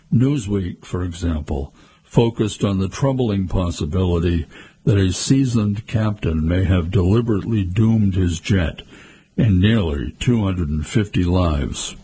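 Man, news narration, very low pitch, mellow, measured and formal. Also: slightly rough.

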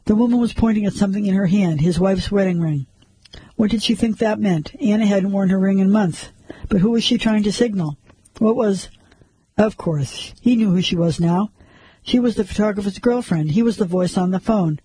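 A man narrating a crime story like an audiobook, measured and suspenseful. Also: high-pitched, mellow, husky, no echo, rough recording.

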